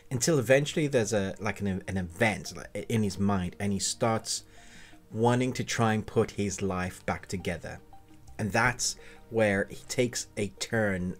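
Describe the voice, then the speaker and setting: A man with a lowish voice reviews a TV series casually and enthusiastically, rambling a little and restarting his sentences.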